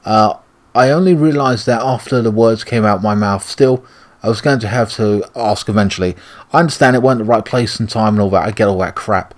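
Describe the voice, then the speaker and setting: Talking a little fast in a lowish voice, a British gaming YouTuber swears and rants as he plays through a video game for let's play commentary.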